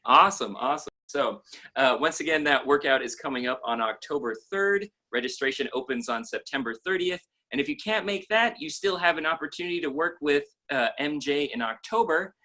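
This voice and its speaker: Guy hosting an interview, bright punchy voice, super pumped, says like a lot. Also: a little high, brisk. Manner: eager and upbeat, with many likes. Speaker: host.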